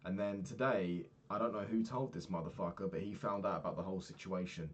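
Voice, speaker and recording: A man's voice: low-pitched, fairly even intonation, a little fast, a little hiss or hum. A young man telling a personal story in a casual, candid way, swearing freely and acting out the people he quotes. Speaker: podcast host.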